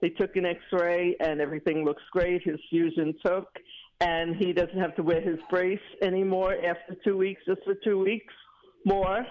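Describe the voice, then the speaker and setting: A woman's voice: lowish voice, level tone, moderate pace. A woman calling in to a radio show, chatting and retelling stories with laughter over a dull phone line. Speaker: caller. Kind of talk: casual phone chat.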